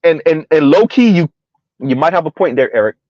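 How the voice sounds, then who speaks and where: A man hosting a reaction commentary, mocking his targets with repeated rhetorical questions and drawn-out words, speaking. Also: fairly high pitch, lively intonation, darkish tone, dry recording, highs cut off. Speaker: commentary video host.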